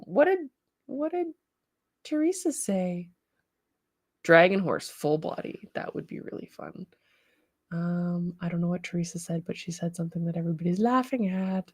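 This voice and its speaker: A bubbly woman with a Canadian accent hosts a relaxed livestream, laughing easily and chatting with her viewers. Her voice sits a little low. The sound is close and dry, with no room echo. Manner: bubbly, reads chat comments aloud and laughs often. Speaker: livestream host, studio owner. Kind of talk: casual livestream chat.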